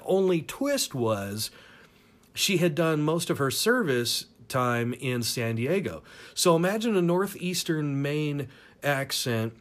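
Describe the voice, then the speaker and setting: A man in his thirties with a middle-range voice tells a personal dating story in a loose, profane, rambling way. He swears freely and chuckles at his own jokes. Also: medium pitch. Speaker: podcast host telling a personal dating story. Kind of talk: crude casual storytelling.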